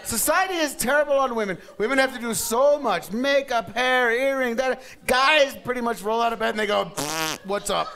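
A man's voice: very high-pitched, brisk, hardly any pauses, pushed and bright. A man emceeing a burlesque show, bantering bawdily with the audience in live stand-up style. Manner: bawdy, teasing, quizzes the crowd. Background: laughing crowd.

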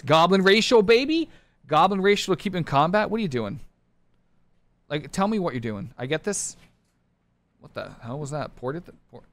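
A man streaming a competitive online game live, talking his teammates through the match in short clipped callouts and bursting into excited shouts. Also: mid-range voice, dry recording. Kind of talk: live gameplay commentary.

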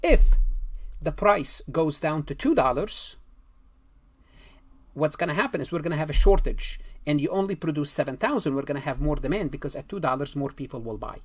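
A man's voice: a little high, animated, a little fast, husky. A man giving a recorded exam-prep economics lecture, repeating himself and asking rhetorical questions. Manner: repetitive, rhetorical questions, self-corrections. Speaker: accounting lecturer.

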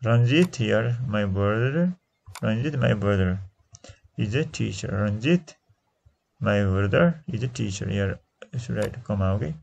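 A man with a Nepali accent teaching an English lesson, repeating each answer slowly and switching into Nepali to explain. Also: on the low side, lively intonation, vocal fry, a little mellow, husky.

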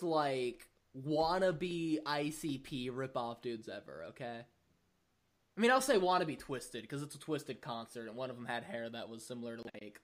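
A podcast host telling a story in casual, profane chat, laughing often and talking with animated energy. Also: mid-range voice.

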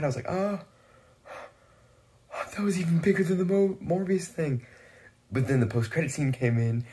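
A man's voice: lowish voice, a little mellow, slightly rough. A man reviewing a TV show in a casual, rambling vlog, full of "like" and "I don't know" fillers, swearing freely.

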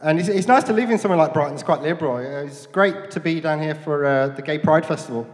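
A man's voice: a little high, fast, long reverb tail. A man in his forties with a Black Country accent doing a self-deprecating stand-up set at a comedy club, chatting with the crowd between jokes. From Dudley, England. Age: 40s. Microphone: handheld mic.

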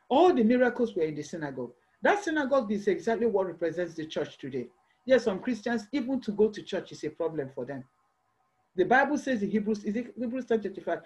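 Animated preacher. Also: medium pitch. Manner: emphatic, repeats rhetorical questions. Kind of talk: sermon. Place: church.

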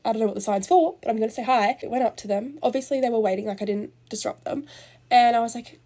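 A woman's voice: a little high, expressive, creaky, darkish tone. A young woman telling a chatty, gossipy story while getting ready, full of "like" and casual swearing. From Australia. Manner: fast, gossipy, heavy use of "like", swears casually.

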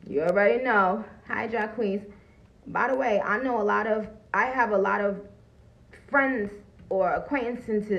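A woman, talking loudly and profanely on a phone livestream and greeting viewers as she goes. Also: medium pitch, creaky, dull audio. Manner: loud, profane and animated, greeting viewers between points. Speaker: livestream host. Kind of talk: casual livestream talk.

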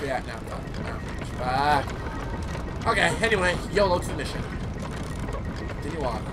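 A man hosting a gameplay commentary video, excitable and swearing, with stammering repeats and shouted outbursts. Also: fairly high pitch, moderate pace, heavy background noise. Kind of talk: let's play commentary. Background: game music and sounds.

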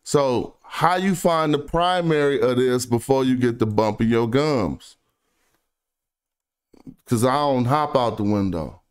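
A man with a speech pattern talks through his research in a relaxed, off-the-cuff way. His voice is smooth and resonant at a middle pitch. He reads passages slowly and trails off into low, quiet asides. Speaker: independent researcher presenting online. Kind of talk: casual screen-share research commentary.

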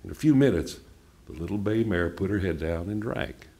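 A man reading a novel aloud at a book event in an unhurried, plainspoken way. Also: sits low, expressive, dark tone. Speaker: reader.

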